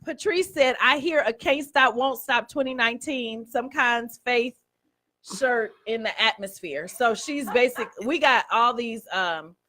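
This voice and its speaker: Lady cohosting a church radio show, chatty, laughs a lot, kinda high voice. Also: measured pace. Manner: chatty, laughs often, gives shout-outs. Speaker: co-host. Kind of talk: casual radio chat.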